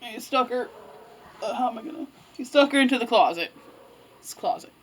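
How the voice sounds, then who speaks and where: Student teacher, high voice, casual read-aloud storyteller, chatty with asides. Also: female voice, animated, fairly quick, a little hiss or hum, rough recording. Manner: chatty, self-interrupting, with asides and laughs.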